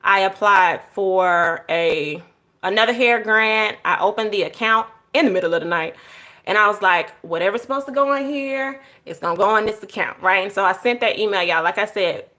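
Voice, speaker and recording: Young adult woman, bright clear voice, casual vlog chat, animated storytelling, acts out quotes. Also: medium pitch, normal speed. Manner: animated storytelling, acting out quotes, addresses viewers as y'all. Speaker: journaling vlogger.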